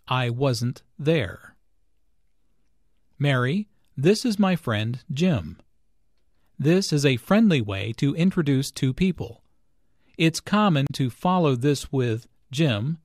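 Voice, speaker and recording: Man, scripted lesson narration, careful enunciation, unhurried, animated intonation. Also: mid-range voice, no room sound, studio quality. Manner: careful, clearly enunciated explanations. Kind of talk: slow scripted teaching narration.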